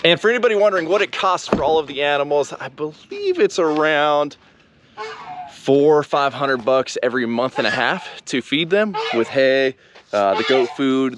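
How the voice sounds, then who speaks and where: A man, mid-pitched and easygoing, gives a casual vlog walk-through outdoors on his farm. He chats to the camera and teases his animals in a playful voice. Loud background noise and clucking fowl run under his talk. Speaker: farm vlogger.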